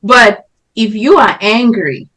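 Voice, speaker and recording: A woman's voice: medium pitch, expressive, slow pace, a bit bright, poor audio. A woman on a podcast panel, talking in a casual discussion and explaining her points emphatically with everyday examples.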